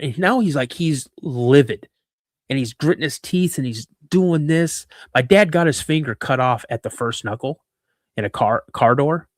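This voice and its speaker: A man in his fifties from Washington State, telling a personal story as a podcast guest, animated, acting out the voices in it and often repeating himself. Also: medium pitch, moderate pace, no room sound, studio quality. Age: 50s. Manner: repeats words and restarts mid-sentence. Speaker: guest, cryptid researcher.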